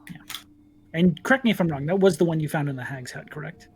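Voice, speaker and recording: A man acting as dungeon master, narrating a tabletop game in a relaxed, descriptive way and reading out game rules. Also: a little high, quick pace, slight background noise.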